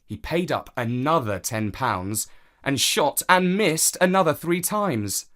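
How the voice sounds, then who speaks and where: Male storyteller, unhurried, lively pitch, reading a kids' tale. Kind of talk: children's story narration.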